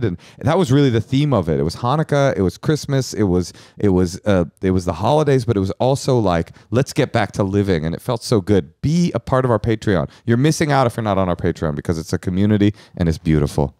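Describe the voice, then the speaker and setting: Male podcast cohost, low voice, very animated delivery, dry close mic. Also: quick pace, hardly any pauses, no echo. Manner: rambling, animated storytelling with restarts. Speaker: podcast host. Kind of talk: casual comedic chat.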